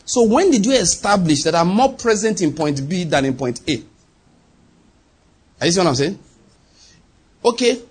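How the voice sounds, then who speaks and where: A middle-aged man, preaching an animated sermon with sudden leaps in pitch and acted-out dialogue. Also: moderate pace, pauses often, husky. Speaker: pastor.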